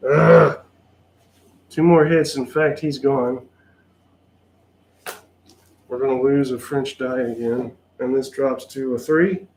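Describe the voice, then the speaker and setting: Man, unhurried sardonic play-by-play of a solo tabletop game, faint background noise. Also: mid-range voice, fairly even intonation, a little mellow. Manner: wry, sarcastic, mildly exasperated. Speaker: solo tabletop wargame player.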